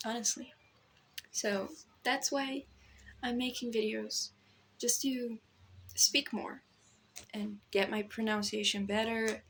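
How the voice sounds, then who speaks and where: Slow, halting Brazilian woman vlogging. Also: on the high side, vocal fry, fairly bright tone, slight background noise. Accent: Brazilian, with American influencer tones. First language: Portuguese. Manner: rambling, self-deprecating, slow and halting. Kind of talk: casual self-talk to camera. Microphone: phone camera.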